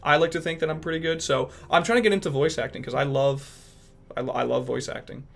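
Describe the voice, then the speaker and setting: A young man with a slightly raised pitch chats casually and talks in quick, sporadic bursts. His delivery is animated and jumps from thought to thought, with faint music playing behind him. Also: gravelly. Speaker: aspiring voice actor and podcast guest. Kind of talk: casual chat.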